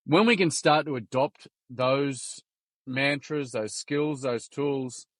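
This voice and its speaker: An Australian man, a podcast guest, chatting casually as an animated storyteller with plenty of slang, swearing and restarts. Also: medium pitch, slow, no echo. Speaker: podcast guest, youth workshop founder. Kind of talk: casual interview chat.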